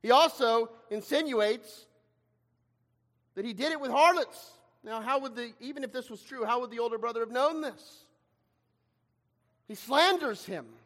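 A man preaching a sermon, dramatic in delivery, acting out the voices he quotes with swings in loudness. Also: extremely high pitch, moderate pace, pauses often. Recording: long reverb of a hall.

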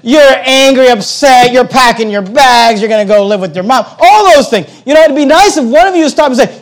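A male pastor with a notably high voice delivers a sermon. He drives his points with repetition and rhetorical questions. He slows right down to read the scripture verses. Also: animated. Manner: reads scripture slowly and deliberately.

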